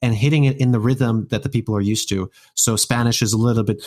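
A man's voice: mid-range voice, fairly even intonation, fast, darkish tone. Casual male guest, rambling delivery full of restarts. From United States. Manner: rambling, many restarts and fillers. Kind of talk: casual conversation.

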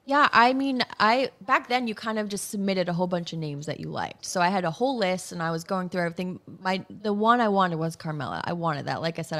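Guesting on a casual interview, a professional wrestler from Massachusetts tells stories in a lowish voice. She's animated and chatty and laughs a lot.

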